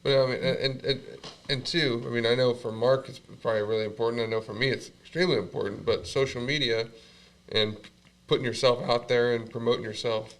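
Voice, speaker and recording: Male interview host: rapid, chatty, mid-pitched voice. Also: fairly even intonation, poor audio. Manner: chatty, thinks aloud with restarts. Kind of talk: casual interview chat.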